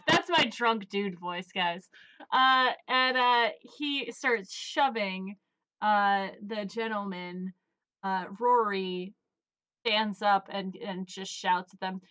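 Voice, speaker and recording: A woman's voice: on the high side, measured pace, fairly bright tone. A woman narrating a tabletop game as game master, chatty, with many fillers and laughs.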